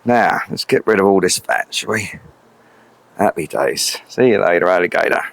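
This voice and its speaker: A man's voice: low voice, lively intonation, moderate pace, gravelly, a bit bright. A middle-aged man hosting a casual outdoor cooking vlog, chatty, cheeky and full of swearing. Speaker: cooking channel host. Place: outdoors at a grill.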